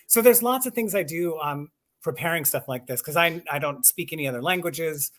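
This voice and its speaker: A man's voice: on the high side, fairly quick, a bit bright. A voice actor and audiobook narrator chatting casually and enthusiastically, laughing at himself as he explains his craft. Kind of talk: casual chat on a live stream.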